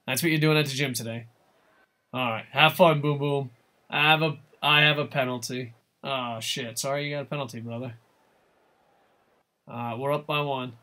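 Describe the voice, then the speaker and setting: A man streaming a hockey video game live, swearing often and chatting excitedly with his viewers. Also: mid-range voice, moderate pace, pauses often. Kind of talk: live gameplay commentary.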